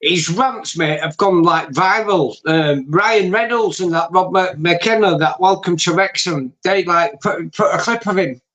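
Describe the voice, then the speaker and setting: A middle-aged man chatting as a guest on a stream, excitable and swearing freely, laughing a lot. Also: high-pitched, unhurried, hardly any pauses. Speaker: guest on a livestream. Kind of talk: casual banter. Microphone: on a tablet, call audio.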